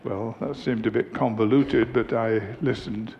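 A man, a pastor, preaching a sermon, telling a story in an unhurried way with frequent hesitations. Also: medium pitch, fairly even intonation, creaky. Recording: dull lo-fi recording with faint background noise.

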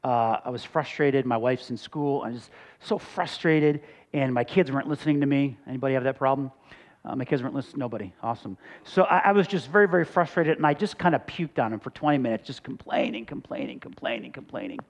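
A middle-aged man from Michigan, a pastor preaching a sermon, rising to loud emphatic peaks and dropping into quiet storytelling asides. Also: medium pitch, fast.

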